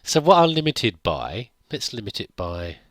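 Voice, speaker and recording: A man's voice: fairly low pitch, sing-song, moderate pace, fairly bright tone, dry recording. A man giving casual gameplay commentary, chatting to himself and laughing at his own mistakes. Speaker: gameplay video host.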